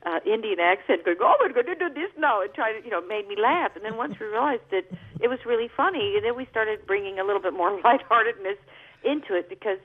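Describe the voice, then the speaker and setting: Over a tinny phone line, a woman singer chats with a radio interviewer, telling stories with warmth and laughter. She talks fast in a mid-range voice.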